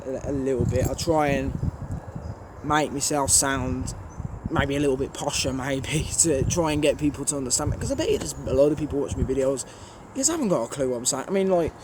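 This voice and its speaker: A man's voice: mid-range voice, lively intonation, fairly quick. Blunt Birmingham man at a railway station. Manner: blunt, rambling, chatty with fillers. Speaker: trainspotting channel host. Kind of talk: casual Q&A vlog. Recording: outdoor background noise.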